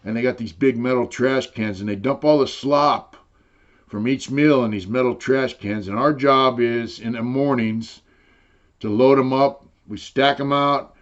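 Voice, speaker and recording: Older male interviewee, mid-pitched, loose and profane storyteller, slightly dull lo-fi audio. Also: measured pace. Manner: rambling, profane, full of "you know". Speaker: interviewee telling prison stories. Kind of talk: casual storytelling.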